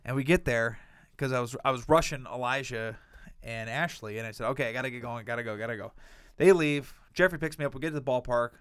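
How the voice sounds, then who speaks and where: A man's voice: medium pitch, fast, clean tone, dry recording, studio quality. A young man co-hosting a podcast, rambling through profane stories in casual chat. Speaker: podcast co-host.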